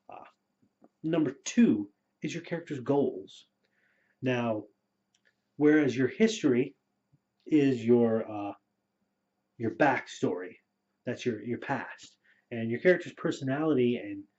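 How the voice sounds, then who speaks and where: Casual male storyteller, mid pitch, lo-fi muffled sound, chatty and filler-heavy. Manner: relaxed, rambling with frequent fillers. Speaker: storyteller and game master. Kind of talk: casual spoken advice video. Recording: dull lo-fi recording.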